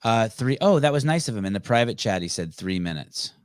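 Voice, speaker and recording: Casual rambly podcast host guy, kinda low voice, dry sound, joking around. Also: big pitch swings, fairly quick, smooth, dry recording. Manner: rambling, joking, easily sidetracked.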